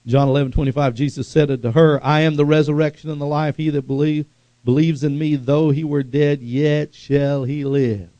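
A man preaching a sermon with fervent, animated delivery and sudden loud bursts. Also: on the high side, normal speed, no echo, lo-fi sound.

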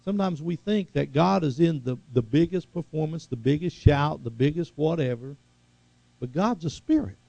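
A man preaching a sermon, swinging from loud, high exhortation to hushed, slow earnestness. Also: animated, vocal fry, no echo, muffled recording.

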